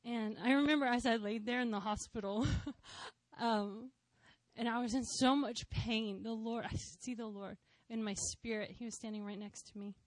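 A woman in her thirties gives a conversational sermon testimony, speaking from the heart with a bit of gentle humor woven in. Her voice sits fairly high, and the recording is close and dry, with almost no room sound. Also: fairly even intonation, moderate pace, dry recording. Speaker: church speaker sharing testimony.

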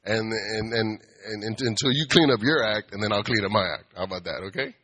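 A man's voice: on the low side, brisk, husky. A man giving a casual, humorous talk like a sermon, asking the audience for amens and acting out everyday exchanges. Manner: animated, asks the audience for amens, acts out bar customers. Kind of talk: conversational preaching with humor.

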